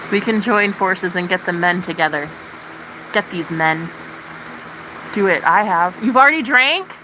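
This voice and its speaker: A woman's voice: lowish voice, unhurried, noisy background. Brash, profane woman livestreamer. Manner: profane, animated ranting to chat. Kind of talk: casual livestream chat.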